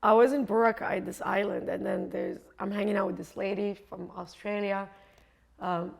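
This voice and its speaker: A middle-aged woman from Africa, a coach and speaker, telling a lively travel story and acting out the voices of people she met. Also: medium pitch, moderate pace, creaky. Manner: animated storyteller, acts out quoted voices, laughs often. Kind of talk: storytelling talk.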